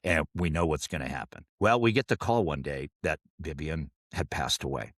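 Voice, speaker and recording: A middle-aged man co-hosting a podcast, telling family stories in a joking, animated way. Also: a bass voice, moderate pace, no echo, clean studio sound. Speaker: podcast co-host. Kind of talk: casual storytelling chat.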